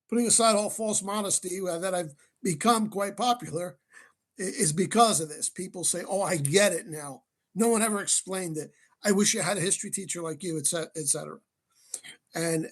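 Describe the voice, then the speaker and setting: This is a high-voiced man in his late fifties from New Jersey, a guest on an interview show. He explains himself at length with firm emphasis and keeps doubling back on his words. His voice sits well above the usual male range. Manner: emphatic, with frequent repeated words and restarts. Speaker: guest, researcher and author.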